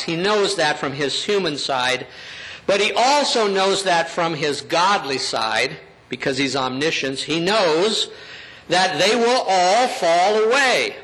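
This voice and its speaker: Male preacher, casual conversational delivery, higher-pitched and bright tone. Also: low-quality recording. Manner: conversational, checking in with the audience. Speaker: pastor. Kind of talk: sermon.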